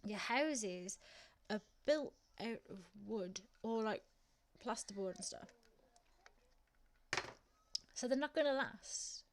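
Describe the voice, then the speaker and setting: Brief: woman streamer, Black Country accent, a bit high-pitched, chatty, laughs easily. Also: lively intonation, slow, long pauses, slight background noise. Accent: Black Country (West Midlands English). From England. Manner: chatty, laughs often, talks to chat viewers. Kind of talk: casual chat while gaming.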